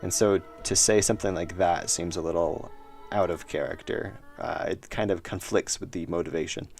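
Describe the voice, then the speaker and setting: A man's voice: low voice, steady tone, normal speed, gravelly, a little mellow, soft background music. A man streaming a horror game, thinking aloud in rambling casual commentary with self-mocking laughs. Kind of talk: casual let's-play commentary.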